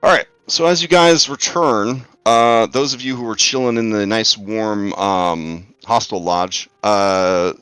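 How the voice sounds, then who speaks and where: A man's voice: lowish voice, unhurried, few pauses, a bit bright, smooth, dry recording, faint music behind. A young man narrating as game master of an online tabletop game, thinking aloud with many fillers.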